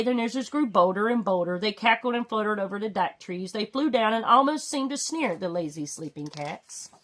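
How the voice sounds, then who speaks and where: A woman reading a children's storybook aloud with expressive, dramatic delivery. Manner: expressive, swinging pitch for drama. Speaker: storybook reader. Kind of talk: read-aloud storybook narration.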